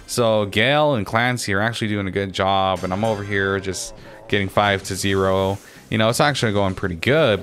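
Young man, gameplay commentary, low voice, swearing rants at teammates, faint game music behind. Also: a bit bright. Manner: frustrated, swears constantly, ranting at teammates. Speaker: gaming channel host.

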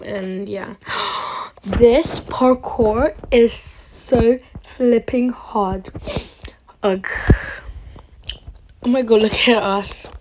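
A woman with a fairly high voice gives a casual play-by-play as she games. She talks at an unhurried, drawn-out pace, chatty and dramatic, often turning to address her viewers directly. A faint hum sits under her voice. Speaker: gaming channel host. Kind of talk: casual gameplay commentary.

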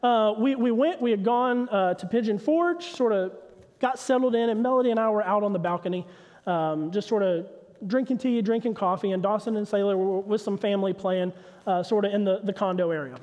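Male pastor, 30s, high voice, lively story-driven sermon in a reverberant sanctuary. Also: fairly quick, muffled recording. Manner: animated storytelling, acts out his son's confused voice. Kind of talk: sermon with personal stories. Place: church sanctuary.

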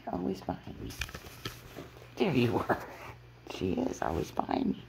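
A woman's voice: extremely low pitch, huge pitch swings, normal speed, gravelly, pauses often, darkish tone, a little hiss or hum. A woman filming her foster kittens at home on her phone, calling to them in coaxing baby talk and laughing often. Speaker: pet foster carer. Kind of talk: casual pet vlog.

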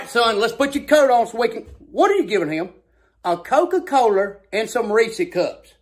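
A man's voice: very high-pitched, animated, normal speed. A young man performing a one-sided comedy sketch as an exasperated dad, talking to unheard parents and his child.

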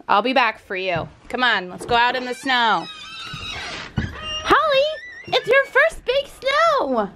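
A young woman chatting in a casual home vlog, bubbly and playful. Her voice sits a little high and swings widely, climbing into sweet baby talk when she addresses her dogs. There is a faint hiss of noise underneath. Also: a bit bright. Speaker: vlogger. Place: home, indoors and out in the snow.

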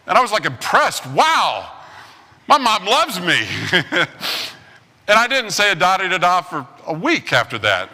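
A man preaching a sermon as pastor, telling stories with acted-out quotes and lively swings in delivery. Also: sits high, measured pace, big-room sound. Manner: animated storytelling with acted-out quotes. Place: church sanctuary.

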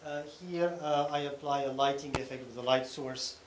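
A man gives a technical conference talk in a mid-range voice with little pitch movement, at a moderate pace. He explains things step by step and checks in with the audience often, in an echoey conference hall with faint room noise.

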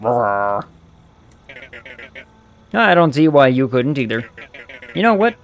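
A man's voice: medium pitch, big pitch swings, slow pace. A man voicing a friendly, chatty male bus depot keeper who rambles in a folksy way, read aloud from a video game.

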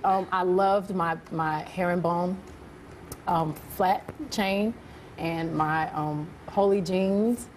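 A woman's voice: on the low side, fairly even intonation. A young woman in her twenties as a guest on a TV talk show, answering shyly with frequent giggles. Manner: slow, shy, giggly. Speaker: celebrity guest. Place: TV studio with audience. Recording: studio with audience and background noise.

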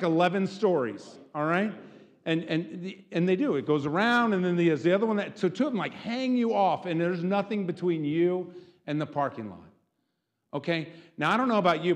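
Animated pastor preaching in an echoing hall. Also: male voice, sits high, fairly quick. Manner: animated, keeps asking "right?". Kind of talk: sermon.

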